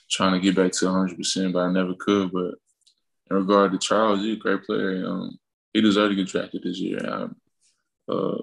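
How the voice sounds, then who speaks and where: Deep flat gravelly young man. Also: rough recording. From Mississippi. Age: young adult. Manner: relaxed, rambling with fillers and restarts, laughs while telling stories. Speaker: college basketball player, guest. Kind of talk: casual interview storytelling.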